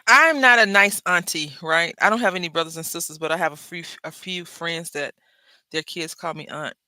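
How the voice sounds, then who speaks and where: A woman hosting a crafting video, chatting and telling stories while she works, acting out quoted lines with big jumps in pitch and dropping to soft murmurs when she concentrates. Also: normal speed, no echo. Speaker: crafting channel host. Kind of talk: casual chat while crafting.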